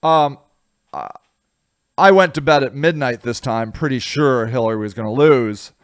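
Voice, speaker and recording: An American man from the United States hosting a casual solo commentary vlog, rambling and self-deprecating, with a voice that swings widely in loudness. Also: medium pitch, moderate pace, clear, resonant tone. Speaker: vlogger, show host.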